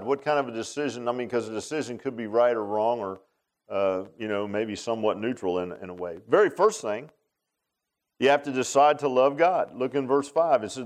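A man's voice: mid-range voice, brisk. A pastor preaching a Father's Day sermon in a folksy, conversational way, often turning to the congregation with rhetorical questions.

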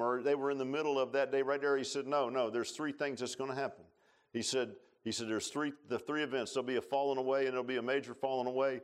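A man preaching a sermon in a church, telling stories in a folksy way and swinging between loud rises and quiet low passages. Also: steady tone, brisk. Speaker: pastor. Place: church sanctuary.

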